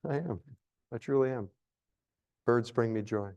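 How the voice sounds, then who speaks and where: A man's voice: mid-range voice, measured pace, a little mellow, clear, resonant tone, highs cut off. A middle-aged man giving a live lecture on nature as a naturalist, playful and theatrical, joking with his audience.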